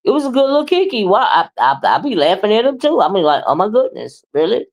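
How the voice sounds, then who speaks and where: A woman, giving sassy, expressive commentary on a livestream. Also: a little high, fast, rough recording.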